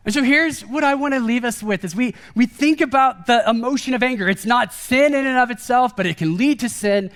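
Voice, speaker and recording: A man preaching a sermon in a casual, conversational way, animated and acting out quoted lines. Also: extremely high pitch, brisk, few pauses. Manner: casual and chatty, peppered with "like" and "kind of"; animated, acts out quoted speech with a raised voice. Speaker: guest preacher. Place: church service.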